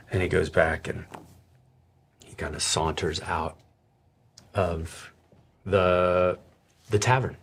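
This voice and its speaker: A man narrating a tabletop game as game master, telling the story dramatically with halting restarts. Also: deep voice, fairly even intonation, slight background noise.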